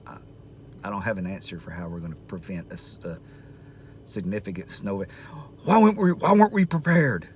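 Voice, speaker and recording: A retired man, telling a jokey story in a casual vlog and building up to loud exclamations. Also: low-pitched, lively intonation, brisk, pauses often, a little hiss or hum. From Southern United States. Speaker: retired school administrator and vlogger.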